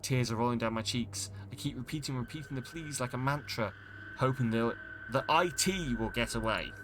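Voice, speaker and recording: A man's voice: medium pitch, normal speed, noisy background. A man streaming a game, reading its text aloud in a dramatic way and breaking off with startled exclamations. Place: home streaming setup.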